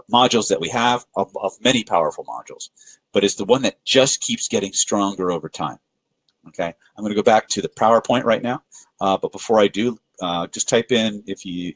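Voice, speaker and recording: Male webinar teacher, low and lively voice, dry close mic, storyteller who acts out quotes. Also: dry recording, low-quality recording. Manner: animated storyteller acting out quoted voices, frequent filler restarts. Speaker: webinar presenter on persuasion.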